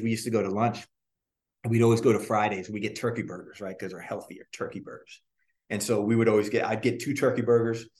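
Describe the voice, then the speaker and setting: Low-voiced man telling rambling stories. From Orlando. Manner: rambling, frequent restarts and swearing. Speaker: guest, former boy band member. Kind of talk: casual storytelling interview.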